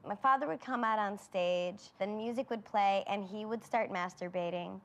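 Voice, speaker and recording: Woman comic, totally deadpan, casual and matter-of-fact. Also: medium pitch, moderate pace. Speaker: comedian.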